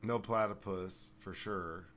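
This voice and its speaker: A man with a lowish voice chats on a podcast. He rambles through stories with plenty of swearing. Faint noise sits behind him. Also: fairly even intonation, takes it slowly, a bit bright. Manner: rambling, profane, storytelling. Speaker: podcast host. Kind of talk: casual podcast chat.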